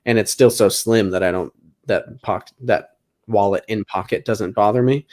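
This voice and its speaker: A man talking relaxed on a podcast as a guest, with teasing banter. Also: fairly low pitch, normal speed. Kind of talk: casual podcast chat.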